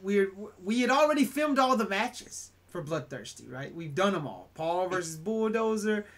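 A man hosting a podcast, telling a story in a casual, animated way and tagging "right?" onto his lines. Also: high-pitched, normal speed. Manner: animated, acts out quotes, keeps adding "right?". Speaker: podcast host.

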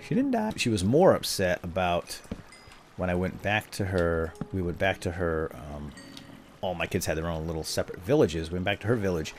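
A man's voice: low voice, normal speed, a little hiss or hum. A man in his thirties chatting casually while he plays a video game, telling family stories with jokey asides. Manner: chatty storyteller, jokey asides, playful pretend salesman banter. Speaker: gaming video host.

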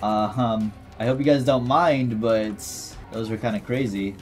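A man's voice: on the low side, fairly even intonation, a little slow, soft background music. A man giving casual, jokey commentary over his gameplay, reading item descriptions aloud and talking back to the game's character. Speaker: gaming YouTuber.

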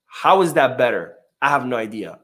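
A man's voice: medium pitch, big pitch swings, normal speed, fairly bright tone. A man hosting a casual live-stream podcast, reading chat comments in a loose, chatty way with many fillers.

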